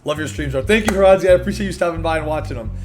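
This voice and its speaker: A young man streaming a game live, reacting loudly in excitable slangy casual chat. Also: a little high, very fast, over music.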